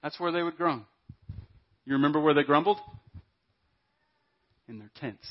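A man preaching a sermon as a pastor, emphatic and then dropping to hushed asides. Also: fairly high pitch, moderate pace, muffled recording. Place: church.

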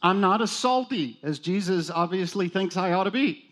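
A man's voice: high voice, expressive, moderate pace, a bit bright. A male pastor preaching a sermon in a conversational, self-deprecating way with jokes.

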